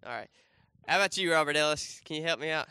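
A man's voice: on the high side, lively intonation, quick pace, creaky, pushed and bright, clear, resonant tone, no echo. A young man preaching a casual sermon, talking to the congregation with lots of fillers and restarts and asking them questions. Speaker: pastor. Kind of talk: casual sermon with a volunteer demonstration. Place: church.

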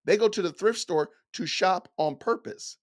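A man's voice: high-pitched, moderate pace. A middle-aged man reading lines from an essay aloud and reacting with incredulous, folksy rhetorical questions. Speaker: commentator.

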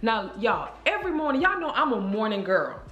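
A woman vlogger telling a story to her viewers in a chatty, animated way, speaking straight to the camera. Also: on the high side, a little fast. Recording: roomy echo.

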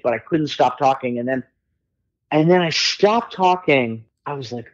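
Rambling candidly through his stories, this middle-aged man is a musician guesting on a podcast, cursing often and filling gaps with plenty of fillers in a casual chat. He talks a little slowly with a fairly high pitch, and the audio sounds dull.

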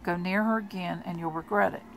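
A woman voicing a brooding young male vampire who delivers low, menacing warnings in a storybook reading. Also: fairly even intonation, fairly quick, vocal fry, slight background noise, poor audio. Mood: grim warning.

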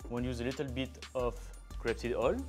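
French-accented chef demonstrating a recipe. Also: male voice, mid-range voice, flat delivery, fast. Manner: chatty, playful, sprinkles French words. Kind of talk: cooking demonstration. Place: kitchen. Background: background music and sizzling food.

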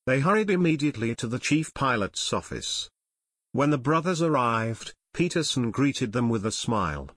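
On a close mic with no echo, a man with a mid-range voice narrates an adventure audiobook. His storytelling is measured and even.

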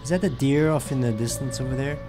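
A man hosting a let's play, talking about his game and shouting commands between chatty asides. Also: medium pitch, fast talker, over music. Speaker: gaming video host.

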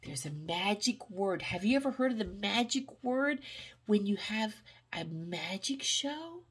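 An older woman, a grandmother, reading a picture book aloud to a child, animated and coaxing, asking questions as she goes. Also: medium pitch, unhurried, breathy edge.

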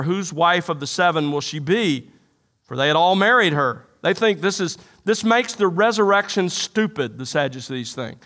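A pastor with a notably high, light voice preaches to his congregation. He reads scripture aloud and then unpacks it with emphatic rhetorical questions. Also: fairly bright tone. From United States. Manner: expository preaching, quoting and explaining scripture. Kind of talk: sermon. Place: church sanctuary.

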